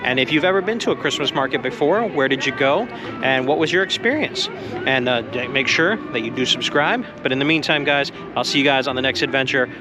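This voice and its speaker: Over loud music and street noise, a man with a mid-range voice and lively intonation talks a little fast while vlogging at a busy outdoor Christmas market. He's casual and enthusiastic, relishing food and wine out loud.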